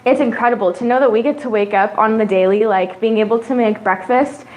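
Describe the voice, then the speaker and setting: A woman's voice: on the high side, brisk, slight background noise, rough recording. A young woman in casual chat, talking about her family with gushing enthusiasm and acting out what her children say. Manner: gushing and animated, acts out quotes of her kids. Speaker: guest sharing her family story.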